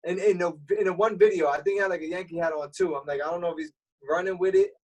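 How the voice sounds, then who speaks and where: A man's voice: high-pitched, rapid-fire, recorded from a distance, rough recording. Laid-back streetwise man, a bit off-mic. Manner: relaxed, explanatory, streetwise talk. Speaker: radio DJ guest. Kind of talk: casual interview chat. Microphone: remote call.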